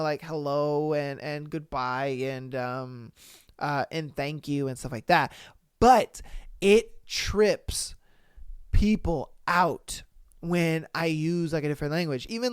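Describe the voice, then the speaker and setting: A man hosting a podcast, reading listener posts and reacting in a slangy, profane, animated way. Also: fairly high pitch, clean tone, no room sound, studio quality. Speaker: podcast host.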